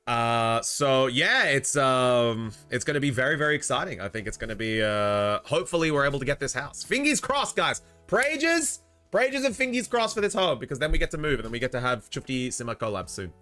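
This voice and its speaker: A man's voice: mid-range voice, expressive, fairly quick, sharp tone, soft background music. A young Australian man with an Australian accent, chatting casually on a livestream, rambling and reading out chat messages. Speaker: streamer.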